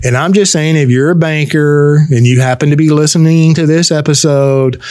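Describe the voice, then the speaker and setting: A man's voice: fairly high pitch, fairly even intonation, normal speed, darkish tone, dry recording. Dry-voiced man hosting a podcast. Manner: joking, talks in long explanatory runs. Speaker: podcast host. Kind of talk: casual podcast chat.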